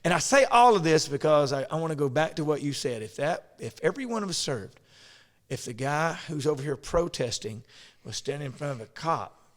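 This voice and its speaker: Man, podcast host, rambling casual storyteller, a bit high-pitched, long reverb in the room. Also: sing-song, a little fast. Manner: rambling storyteller, frequent restarts and laughs. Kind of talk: casual conversation.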